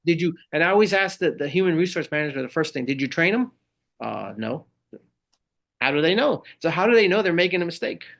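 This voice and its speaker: A man's voice: sits high, very fast, few pauses. A middle-aged man, a guest on a podcast, talking casually about leadership and acting out the people in his stories. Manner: animated storytelling, acts out quoted people. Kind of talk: casual interview talk.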